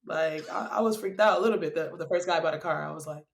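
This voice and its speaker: A woman actor chatting as a podcast guest, telling stories with lots of laughter and animated delivery. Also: low voice, quick pace, gravelly. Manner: laughs often, animated storytelling. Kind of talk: casual interview chat.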